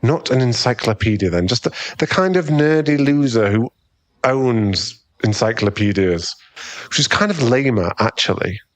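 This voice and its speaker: A young man plays a cocky, smug rival in an ASMR boyfriend role-play, taunting and chuckling with a mocking air. His voice is mid-range, natural, and expressive at normal speed, with no echo.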